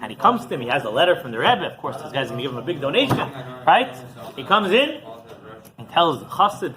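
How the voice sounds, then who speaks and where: A man's voice: on the high side, sing-song, fast talker, a crowd in the background, poor audio. A man, a rabbi, telling a story in a sermon and often questioning his listeners.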